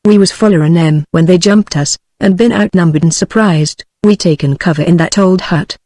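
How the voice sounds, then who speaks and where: A text-to-speech woman's voice with a British English accent, reading the lines of a desperate middle-aged male frontier sheriff in a storybook, in a flat way. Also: lowish voice, moderate pace, no echo, clean studio sound, close to an everyday voice. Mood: pleading. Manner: flat synthetic reading of dialogue.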